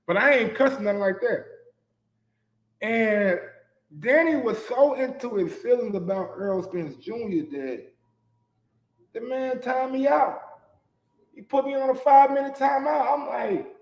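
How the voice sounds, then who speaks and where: High-pitched male sports host, casual profane rant, echoey room sound. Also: unhurried, long pauses. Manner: animated, profane, swings from mutters to shouting. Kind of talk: casual ranting commentary.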